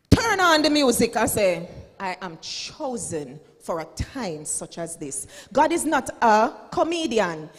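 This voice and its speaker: A woman's voice: high-pitched, long reverb tail. A Jamaican woman in her forties, a school principal giving a dramatic, preachy motivational speech and slipping into Patois. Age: 40s. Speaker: school principal and keynote speaker.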